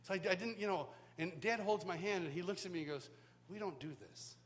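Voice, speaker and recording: A man teaching at a worship school, telling a personal story in sermon style with animated, self-mocking humor, recorded live in a church hall. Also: high voice, fast talker. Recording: live hall reverb, faint background noise.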